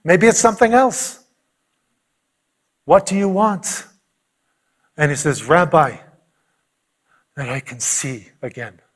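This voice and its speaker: A male pastor delivering a sermon, telling a story with animation and acting out the quotes. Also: mid-range voice.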